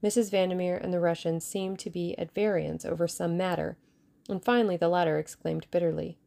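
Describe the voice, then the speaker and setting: A woman giving steady audiobook narration of a mystery novel. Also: fairly low pitch, fairly quick, gravelly.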